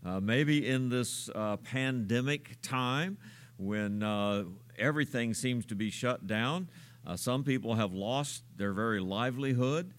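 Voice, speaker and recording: This sermon comes from a pastor with a mid-range voice who preaches in an unhurried, searching way. He uses lots of filler sounds and asks rhetorical questions.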